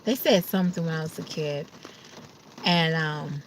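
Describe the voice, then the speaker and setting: Her voice is deep and moves at a normal speed, with slight background noise in the clip. The vlogger talks casually to the camera, tired and ready to sleep, sometimes putting on her relatives' voices.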